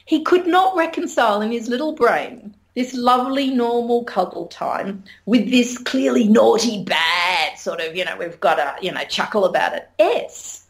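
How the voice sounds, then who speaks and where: A middle-aged woman speaks openly and animatedly as a guest in an interview. Her voice sits on the higher side, and she laughs easily between points. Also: normal speed, gravelly, hardly any pauses. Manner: frank, animated, laughs often. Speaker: interview guest, sex educator. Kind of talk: candid conversational interview.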